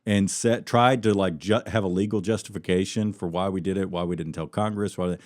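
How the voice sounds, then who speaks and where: A man hosting a podcast with a low voice, talking loosely and laughing often. His sentences ramble and trail off. The sound is dry and close. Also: fairly even intonation, a little fast, darkish tone, no echo. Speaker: podcast host. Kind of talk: casual chat.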